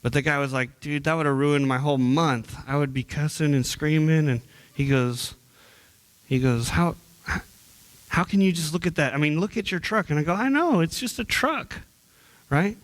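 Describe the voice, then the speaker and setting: A man's voice: fairly high pitch, steady tone, normal speed. A young man preaching as a youth minister in church, earnest and conversational, often repeating words and restarting sentences. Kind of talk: sermon.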